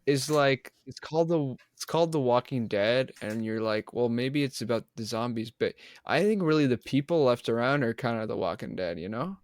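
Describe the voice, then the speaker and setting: A man's voice: medium pitch, normal speed, hardly any pauses, no room sound. A man co-hosting a casual book club podcast over a call, playful and rambling. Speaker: podcast co-host. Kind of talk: casual chat.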